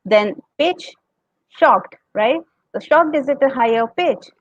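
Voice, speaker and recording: High-voiced Indian woman coaching speakers. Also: lively intonation, slow pace, no room sound, lo-fi sound. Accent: Indian English. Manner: explanatory, demonstrates tones, laughs often. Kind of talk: podcast talk giving speaking tips.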